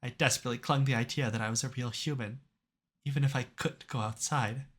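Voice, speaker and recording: A man voicing a tired, motherly young woman who pleads softly and apologetically in a visual novel. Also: medium pitch, big pitch swings, quick pace, breathy edge. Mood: weak, tearful. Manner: soft, breaking, apologetic.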